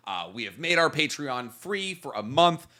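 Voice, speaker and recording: A young man co-hosting a casual comedy podcast, animated and joking, now and then breaking into loud silly voices. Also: fairly high pitch, normal speed. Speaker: podcast co-host.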